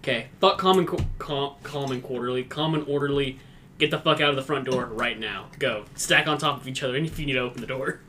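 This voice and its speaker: A man playing a tabletop game, shouting orders in character. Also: medium pitch, fairly even intonation, fast, slight background noise. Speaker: player. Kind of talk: casual tabletop play.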